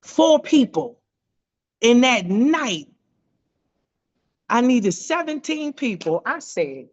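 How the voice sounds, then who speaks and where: A woman telling an animated testimony on a video call, acting out quoted voices with big jumps in pitch. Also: takes it slowly, long pauses, highs cut off. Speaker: team member sharing a testimony.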